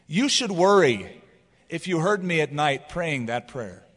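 A man's voice: a little high, measured pace, in a large hall. A man preaching a sermon as pastor, telling stories and acting out quotes as he goes. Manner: animated storytelling with acted quotes.

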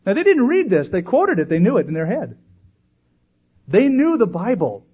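A male pastor delivers a sermon with a lively, swinging delivery, slipping into little acted voices for the people he quotes. His voice sits a bit high for a man and has a husky edge. The recording sounds dull and lo-fi. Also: normal speed, pauses often. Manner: animated, acts out voices in quotes.

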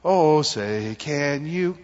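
A pastor delivers an expository sermon in a fairly high voice at a very slow pace, sounding animated and conversational. He acts out quotes and jokes drawn from his family life. The audio is dull, with a big-room sound.

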